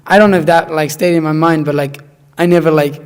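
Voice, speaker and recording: Young man, fairly high voice, casual chat, lively storytelling, mimics friends. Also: fast, clean tone. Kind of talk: casual conversation.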